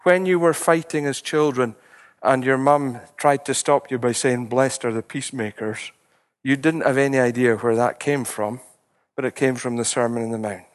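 Male preacher, middle-aged, mid-pitched, earnest but chatty sermon delivery. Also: normal speed. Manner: conversational, earnest preaching with rising emphasis.

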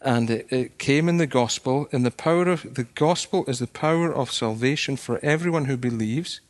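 Man, preacher, mid-pitched voice, measured sermon, rhetorical questions.

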